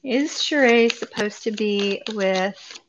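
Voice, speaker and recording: A woman's voice: medium pitch, slow, very noisy. A woman giving a live tarot reading to viewers, effusive and upbeat, chatting and laughing often. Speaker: tarot reader. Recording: dull lo-fi recording.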